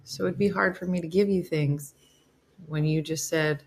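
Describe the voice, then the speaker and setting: A woman's voice: sits low, steady tone, normal speed, a little hiss or hum. A woman hosting a casual live morning stream, chatty and playful, teasing her viewers. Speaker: host of a live morning show.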